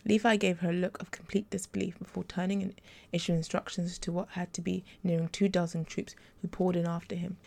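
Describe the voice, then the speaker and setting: Female audiobook narrator, measured delivery. Dark, gravelly tone. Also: fairly low pitch. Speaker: storyteller. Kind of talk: reading a story aloud.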